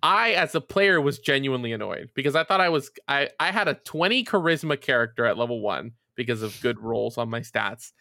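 A man's voice: mid-range voice, animated, fairly quick, few pauses, sharp tone, no room sound, studio quality. A man co-hosting a podcast, telling a long rambling story full of fillers and casual swearing. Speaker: podcast co-host. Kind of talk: casual chat.

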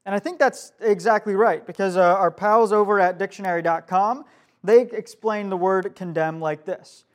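A young man leads a youth group sermon in front of a live room, speaking in a light, high-pitched voice. He keeps it casual and conversational, stopping to ask his listeners questions. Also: moderate pace. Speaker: youth pastor.

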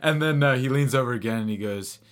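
A young man talks loosely on his podcast, circling back and restarting his sentences as he goes. He laughs easily and swears without much thought. His voice sits at an ordinary middle pitch. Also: fast talker, fairly bright tone. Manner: rambling, laughs often, swears casually. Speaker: podcast host. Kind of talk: casual podcast chat.

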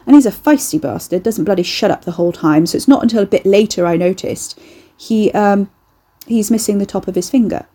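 A woman's voice: mid-range voice, brisk, warm tone, breathy edge, lightly acted. A woman voicing a cocky young male eldritch horror, breezy, slangy and boastful. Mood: rambling.

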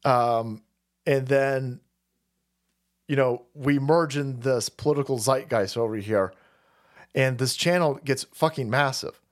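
A man's voice: medium pitch, slow pace, long pauses. A man hosting a livestream, ranting in a profane, rambling, sarcastic way and laughing often. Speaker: stream host. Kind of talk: ranting commentary.

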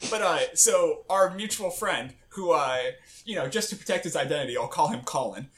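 A man's voice: fairly high pitch, expressive, moderate pace, fairly bright tone. A man in his twenties co-hosting a podcast, chatting casually and telling a rambling story full of fillers. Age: 20s. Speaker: podcast co-host. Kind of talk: casual chat.

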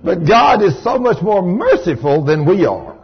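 A man preaching a sermon, telling a story with lively emphasis and asking the congregation questions. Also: sits high, a little slow, slightly rough. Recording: dull lo-fi recording.

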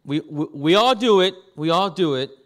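Lively high-voiced male pastor. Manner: animated, acts out scenes with quick voice changes and laughs. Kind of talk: sermon.

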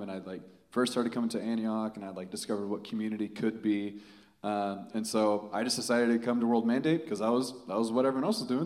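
Lower-voiced young man, hesitant testimony. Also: a little mellow. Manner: hesitant, many "um" and "like", nervous laughs. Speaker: church member giving a testimony. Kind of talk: personal testimony.

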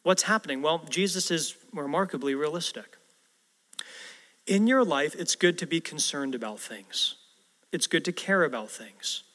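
In an animated yet unhurried sermon, the male pastor talks to his congregation as if chatting, regularly posing rhetorical questions. His tone is fairly bright and pitched a bit high for a man, and the large church hall leaves a long reverb hanging on everything he says.

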